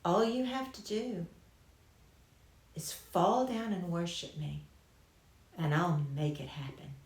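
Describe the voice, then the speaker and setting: A woman's voice: fairly low pitch, slow pace, roomy sound, voice pushed down. A woman voicing a male devil who coaxes and tempts with promises of glory. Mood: coaxing. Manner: coaxing and persuasive.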